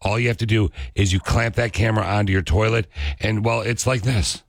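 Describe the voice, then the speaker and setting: A man hosting a casual morning radio show, excitable and playful, stumbling over his words as he talks into a studio microphone. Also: on the low side, fairly quick, very noisy.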